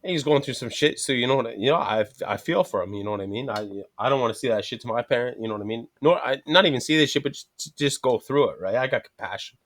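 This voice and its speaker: A man's voice: mid-range voice, fast talker, hardly any pauses, fairly bright tone. A man telling rambling, profane anecdotes in casual chat, acting out both sides of each conversation.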